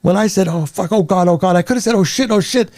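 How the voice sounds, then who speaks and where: A man's voice: high voice, quick pace, a little mellow, no echo, clean studio sound, pitched above the performer's own voice, close to an everyday voice. A man voicing a panicked atheist in a joke, pleading in a raised, urgent voice.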